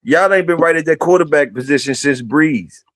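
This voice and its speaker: A man's voice: a little high, normal speed, fairly bright tone, dry recording. A man hosting a live stream, chatting loosely with viewers in a rambling, profane way and firing questions at them.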